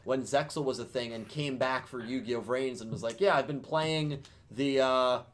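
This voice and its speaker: A man's voice: mid-range voice, normal speed, a little hiss or hum. A man hosting a casual podcast chat, talking in a loose, rambling way with frequent restarts. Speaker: podcast host.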